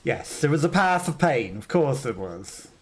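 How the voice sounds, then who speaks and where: A man's voice: medium pitch, big pitch swings, normal speed, a little hiss or hum. A man streaming a video game, giving rambling, self-mocking commentary and laughing often. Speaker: let's play streamer. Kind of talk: casual gameplay commentary.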